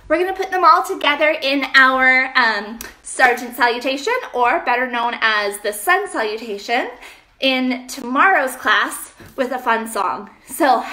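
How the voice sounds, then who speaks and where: High, bright woman coaching kids through yoga. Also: far from the mic. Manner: sing-song, makes animal sounds and cheers. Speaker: kids' yoga teacher. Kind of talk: playful instruction for children. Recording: echoey room, voice from off-mic.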